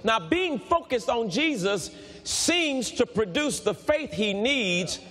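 A man preaching a sermon, reading scripture aloud and acting out its dialogue in an animated way. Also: extremely high pitch, slow, big-room sound. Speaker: pastor.

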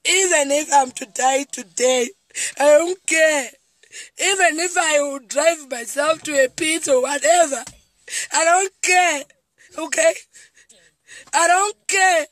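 A woman's voice: high voice, measured pace, fairly bright tone, no room sound. A distraught Zimbabwean woman in tears, speaking in a repetitive, pleading outburst on a live video. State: tearful and distraught. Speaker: comedian. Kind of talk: emotional live video monologue. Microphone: phone.

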